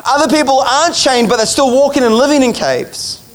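A man's voice: extremely high pitch, brisk. A man preaching a sermon, telling a vision story in a casual, chatty way and laughing along.

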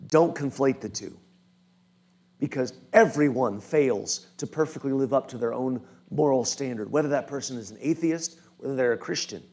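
A man's voice: medium pitch, moderate pace, a little mellow. A male pastor preaching a conversational sermon who keeps checking in with his listeners. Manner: informal, often checks in with the listeners.

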